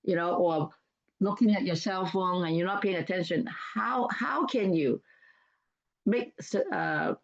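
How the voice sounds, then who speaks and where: A woman's voice: lowish voice, unhurried, gravelly, highs cut off. An older woman giving a casual seminar talk, chatty and repetitive, acting out example dialogues. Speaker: seminar speaker.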